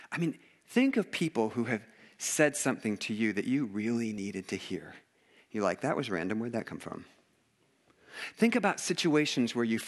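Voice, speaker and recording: A male pastor preaching a sermon in a church, telling stories with lots of acted-out quotes and laughter. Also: mid-range voice. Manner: storytelling, animated, acts out quotes, laughs often.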